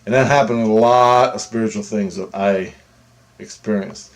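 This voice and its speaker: A man's voice: fairly low pitch, fairly even intonation, normal speed, a little hiss or hum. A man vlogging a personal story to camera in a loose, rambling way, full of asides.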